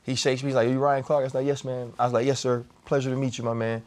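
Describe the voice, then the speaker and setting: A man hosting a podcast, telling a story and chatting in a relaxed, conversational way. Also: medium pitch, very fast. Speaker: podcast host. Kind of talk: casual podcast chat.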